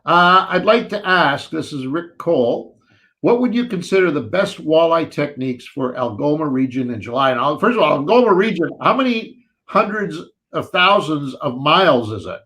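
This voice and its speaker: A man's voice: fairly high pitch, expressive, moderate pace, fairly bright tone. A man co-hosting a live fishing show, chatting animatedly and reading out viewer questions.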